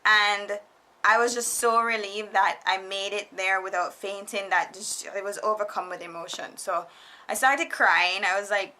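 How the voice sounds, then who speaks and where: A young woman casually telling a storytime vlog, animated and laughing often, quoting people in put-on voices. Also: mid-range voice, moderate pace. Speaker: vlogger. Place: foreigner living in Japan.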